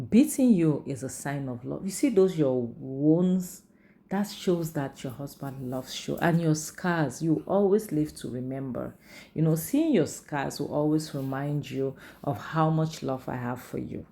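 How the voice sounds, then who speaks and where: A woman's voice: low-pitched, animated, measured pace, vocal fry, mellow. A woman casually recapping and reviewing a film, chatty and full of "like" and "you know". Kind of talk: casual movie recap and commentary.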